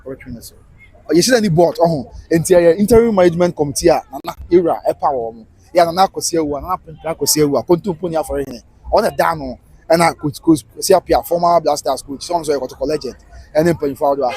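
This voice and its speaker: A man with a Ghanaian accent giving casual live football commentary, switching between Twi and English in animated rants. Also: a little high, slightly rough, rough recording.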